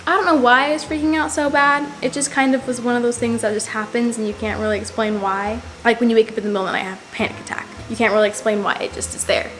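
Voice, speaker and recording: A woman's voice: on the high side, level tone, fast talker, hardly any pauses, fairly bright tone, soft background music. A young woman telling a personal story to the camera in a casual, rambling way, full of "like". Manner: rambling, heavy use of "like". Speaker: vlogger.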